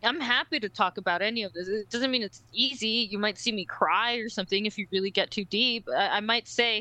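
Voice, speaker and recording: A young woman co-hosting a podcast, telling a story in an animated way, with lots of "like" and "right?" and some casual swearing. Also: mid-range voice, a little fast, hardly any pauses, no echo, low-quality recording. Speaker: podcast co-host.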